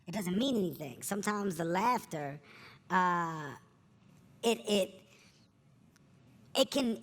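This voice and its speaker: Earnest, storytelling man on stage. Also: high-pitched. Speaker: comedian guest. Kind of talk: candid storytelling interview. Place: live event before an audience.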